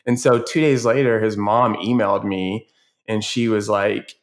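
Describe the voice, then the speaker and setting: Low-voiced man telling classroom stories. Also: unhurried. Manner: animated storyteller, acts out voices in anecdotes. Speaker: educator and youth advocate guest. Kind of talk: casual podcast conversation.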